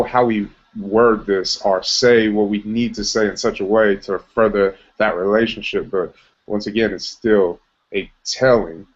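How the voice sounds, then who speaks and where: A man leading a team meeting, talking about how to show rather than tell, with many restarts and fillers. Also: on the low side. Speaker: team leader. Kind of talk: motivational team meeting talk. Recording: dull lo-fi sound.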